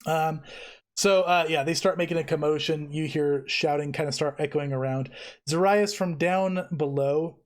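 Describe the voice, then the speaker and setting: A man's voice: on the high side, steady tone, moderate pace. A man running a tabletop game as game master, narrating in a casual, easygoing way.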